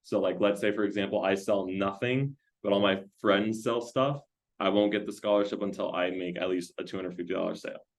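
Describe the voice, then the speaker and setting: A man's voice: sits low, fairly even intonation. A man giving a training talk to a sales team, firing off questions in a loose, conversational way. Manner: rapid-fire string of questions, loose and conversational.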